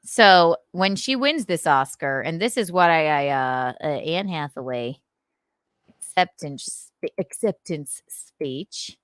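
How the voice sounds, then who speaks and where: A woman hosting a casual live stream, animated and swearing as she acts out scenes. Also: low voice, clean tone, no echo, clean studio sound. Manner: animated, swearing, acting out scenes with quick voices. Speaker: podcast host.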